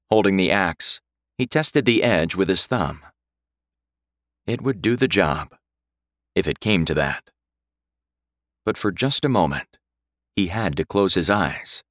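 A man narrating a dark story in a grave, measured way. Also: sits low, expressive, no echo, clean studio sound. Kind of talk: scripted audiobook narration.

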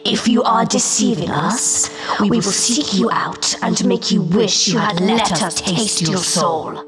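Casting: a woman doing eerie soul-eating spirits, slow, drawn-out whisper, loud music behind. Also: medium pitch, natural voice. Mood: menacing. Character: menacing whispering spirit entities, cold, hungry for souls. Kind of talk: audiobook character voice.

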